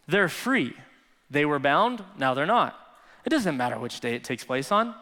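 Higher-voiced pastor preaching in a reverberant hall. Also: male voice, sing-song, moderate pace, bright, forceful tone. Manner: conversational storytelling, frequent "like". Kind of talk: sermon.

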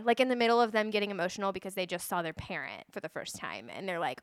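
Woman co-host, smooth clear voice, dry close mic, reassuring. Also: medium pitch, fairly bright tone, dry recording. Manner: reassuring, quick affirmations. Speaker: podcast co-host, wedding planner. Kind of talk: casual chat.

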